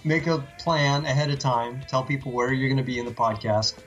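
A man's voice: medium pitch, brisk, lo-fi sound, faint music behind. A man co-hosting a comedy podcast, joking with wry asides in casual banter. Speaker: podcast co-host.

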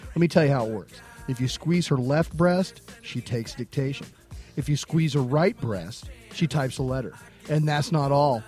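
A man voicing a boastful office worker who speaks quietly and confidingly, in a comedy podcast joke. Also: medium pitch, normal speed, soft background music, voice pushed down, lightly acted.

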